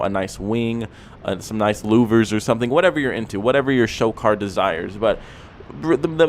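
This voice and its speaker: A young man talks through car-modding tips in a loose, rambling way, at a middle pitch for a man. He keeps tossing in "okay?" and "you know" as he goes. A faint low rumble hums under his voice. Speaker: car vlogger. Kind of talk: casual advice talk to camera.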